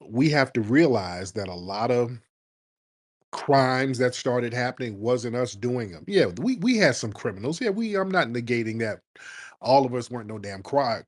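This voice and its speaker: A man in his fifties hosting a talk show, speaking bluntly and emphatically. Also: medium pitch. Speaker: host. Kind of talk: talk radio commentary.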